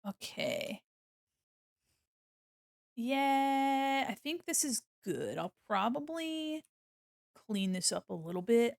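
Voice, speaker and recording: A woman's voice: a little high, big pitch swings, takes it slowly, creaky, pauses often, no room sound. Woman streamer, young adult, chatty and giggly, close dry desk mic. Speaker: livestreaming illustrator. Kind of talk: casual chat while drawing on stream.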